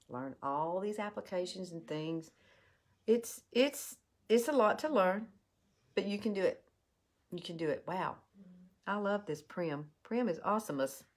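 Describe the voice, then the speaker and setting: Earnest chatty woman in her fifties, lowish voice. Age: 50s. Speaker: beauty vlogger. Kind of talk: casual live chat while doing makeup.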